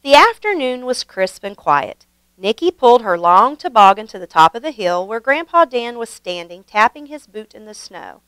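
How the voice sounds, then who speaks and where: A woman hosting her channel and reading a children's picture book aloud in a gentle, expressive way. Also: mid-range voice, normal speed, no room sound, poor audio. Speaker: storybook reader, channel host.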